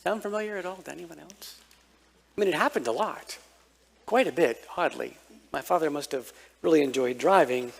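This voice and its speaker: Male pastor, fairly high voice, lively storytelling sermon with acted-out quotes. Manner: storytelling, animated, acts out childhood quotes.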